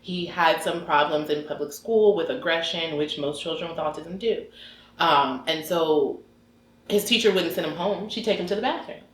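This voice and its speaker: A woman working as a behavior analyst, telling stories in an earnest, animated way during a casual conversation. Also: deep voice, normal speed, a little hiss or hum. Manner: animated, earnest, faith-filled storyteller. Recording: roomy echoey room.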